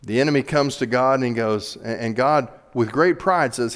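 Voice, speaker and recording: Man, pastor, sermon, animated, emphatic, church sanctuary, long reverb. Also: medium pitch, moderate pace, few pauses. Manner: animated, climbs to loud emphatic peaks. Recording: reverberant hall.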